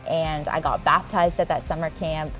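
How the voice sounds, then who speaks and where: A young woman who works in ministry, with a slightly low voice. She speaks earnestly and warmly in a relaxed church chat. Faint music plays behind her. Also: moderate pace, rough recording. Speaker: ministry worker. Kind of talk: casual church discussion.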